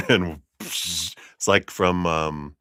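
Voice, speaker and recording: A man's voice: deep voice, sing-song, extremely slow, a bit bright, no room sound, studio quality. A man giving a live-streamed tarot reading, telling it as a rambling story full of fillers and laughter. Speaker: tarot reader.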